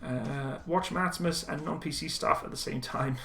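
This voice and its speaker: A young man casually reading and answering viewer chat on a live stream, relaxed and chatty with frequent ums and laughs. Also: fairly high pitch, measured pace, soft background music.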